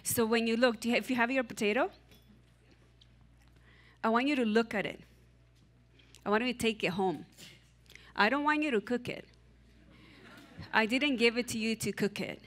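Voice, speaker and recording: A woman's voice: fairly high pitch, moderate pace, long pauses, fairly bright tone. A woman pastor preaching and introducing a young speaker with emphatic, building lists. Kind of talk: sermon. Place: church sanctuary.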